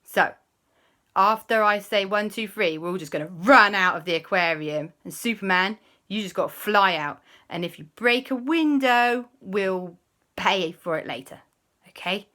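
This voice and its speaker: A woman hosting a children's show, telling a story in a lively, animated way with gasps and sound effects. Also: medium pitch, unhurried.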